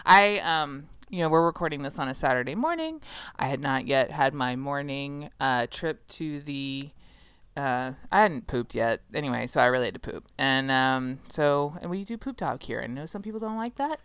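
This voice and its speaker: A woman's voice: extremely low pitch, expressive, moderate pace, fairly bright tone, smooth, no room sound. A woman co-hosting a podcast in casual chat, chatty and sarcastic, rambling and laughing often. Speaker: podcast co-host.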